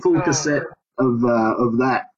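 A man's voice: mid-range voice, a little slow, a crowd in the background. A man with a Queensland accent in a casual chat, hesitant and stammering as he tells a childhood anecdote. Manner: hesitant, stammering restarts, laughs at own anecdotes. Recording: muffled podcast audio.

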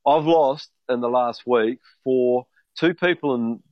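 A New Zealand man in his fifties, co-hosting a podcast, tells long, rambling stories in a casual chat, often restarting and swearing. He speaks slowly at a medium pitch, and the dry, muffled audio carries crowd noise.

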